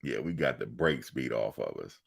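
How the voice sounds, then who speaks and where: A man's voice: extremely low pitch, big pitch swings, moderate pace, gravelly, husky. A middle-aged man hosting a fan live stream in a laid-back, chatty way, telling stories and laughing often. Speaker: fan channel host. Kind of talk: casual live-stream chat.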